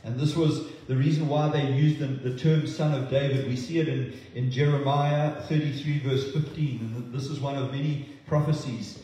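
A man preaching a sermon, halting with many fillers and restarts. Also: medium pitch, steady tone, warm tone. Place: church hall. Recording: echoey hall from far off.

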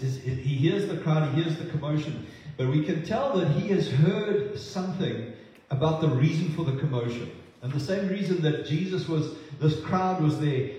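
A man preaching a sermon, halting with many fillers and restarts. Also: fairly high pitch, dark tone. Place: church hall. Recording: echoey hall from far off.

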